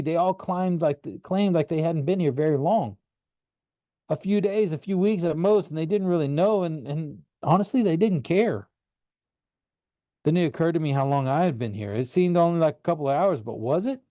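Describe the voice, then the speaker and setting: An audiobook reader, a man, narrates a first-person story earnestly and with animation. His voice is dark and mellow yet a little high, recorded up close in a dry room with no echo.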